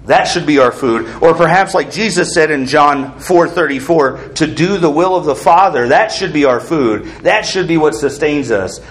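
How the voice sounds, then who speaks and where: A man's voice: medium pitch, slight background noise. A man preaching an earnest sermon as pastor, asking the congregation questions.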